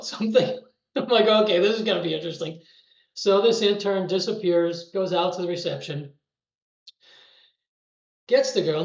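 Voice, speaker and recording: A middle-aged man spins a casual story in a high, chatty voice, breaking off into small laughs and restarts. The sound is roomy and slightly dull, as if taped in an echoey space. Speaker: storyteller recounting trading days. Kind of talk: casual spoken anecdote. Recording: roomy, muffled recording.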